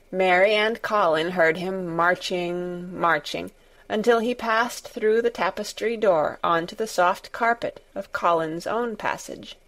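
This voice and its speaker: A woman reads a classic storybook aloud at an unhurried pace, taking her time over each phrase. Her voice sits at a middling pitch, and her delivery is measured and gentle. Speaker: narrator. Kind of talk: storybook narration.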